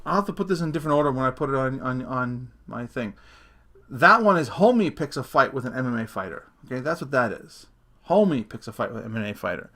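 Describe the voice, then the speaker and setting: A man's voice: mid-range voice, pushed and bright. A man hosting his own podcast, talking through a casual solo rant with many laughs and restarts. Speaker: podcast host.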